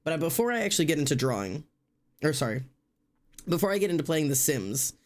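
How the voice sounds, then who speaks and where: A man's voice: fairly high pitch, very animated, quick pace. A young man with a Midwestern American accent who chats casually as a live streamer, rambling and correcting himself as he goes. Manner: rambling, self-correcting, chatty. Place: home streaming room.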